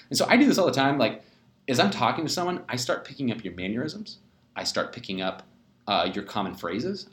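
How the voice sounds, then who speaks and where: A man's voice: medium pitch, fairly bright tone. A young adult man from the United States, explaining personality types in a rambling, self-deprecating way with many fillers and restarts. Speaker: host of a live personality talk. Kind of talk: casual explanatory talk. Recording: roomy echo.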